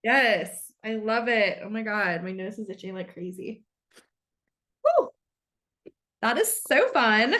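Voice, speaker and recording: A woman's voice: mid-range voice, very animated, slow pace, pauses often, fairly bright tone. Woman podcast host, super bubbly and gushy, swears a lot, casual chat.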